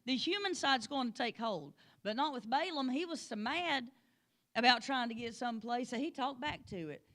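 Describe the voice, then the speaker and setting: Animated woman teaching Sunday school. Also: a little high, moderate pace. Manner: animated storytelling, addresses class by name. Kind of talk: Bible lesson.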